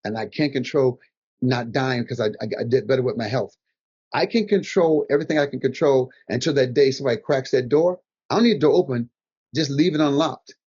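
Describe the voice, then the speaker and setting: A man's voice: mid-range voice, a little fast, breathy edge. An older man, a guest comedian, giving motivational advice in conversation and acting out the things people said to him. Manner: animated storyteller, acts out quotes. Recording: dull lo-fi audio.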